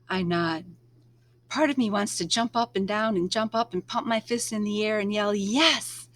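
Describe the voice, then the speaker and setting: A woman reading a novel aloud, narrating in the first person at a measured, expressive pace. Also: medium pitch. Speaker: read-aloud storyteller.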